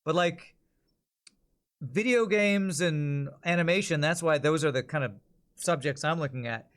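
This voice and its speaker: A man's voice: fairly high pitch, a little slow, fairly bright tone. A man streaming and chatting casually, often restarting and rambling between thoughts. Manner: rambling, self-correcting, chatty.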